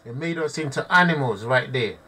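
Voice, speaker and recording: A man's voice: mid-range voice, lively intonation, a little fast, pushed and bright, distant mic. A man giving impassioned live commentary to his audience, preaching and repeating himself, often calling listeners family. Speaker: online preacher.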